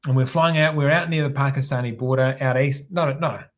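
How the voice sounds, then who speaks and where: A man with a New Zealand accent tells stories in casual talk, his voice sitting in an ordinary middle pitch. He rambles easily and trips over his words, restarting phrases and doubling them up as he goes. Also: fast. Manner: relaxed, rambling, frequent restarts and repeated words. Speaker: podcast guest, former air force helicopter pilot. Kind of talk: casual storytelling interview.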